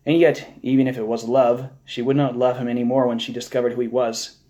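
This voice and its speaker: A man reads a novel aloud live, keeping a steady, measured pace. His voice is mellow and warm, sitting at an ordinary pitch. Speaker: novel reader. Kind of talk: live audiobook reading.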